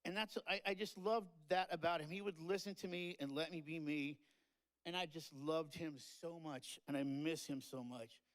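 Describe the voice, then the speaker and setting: A man with a fairly high voice speaks at a memorial gathering. He rambles through his tribute with plenty of fillers and mixes goofy jokes with choked-up, tearful moments. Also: fairly even intonation, moderate pace, poor audio. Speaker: eulogy speaker. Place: live-streamed memorial event.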